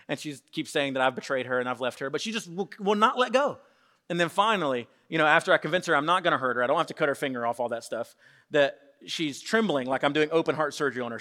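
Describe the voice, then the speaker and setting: A man in his thirties preaching a sermon, animated, acting out quotes with shifts in voice. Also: on the high side. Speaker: pastor. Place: church sanctuary with congregation. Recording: long hall reverb.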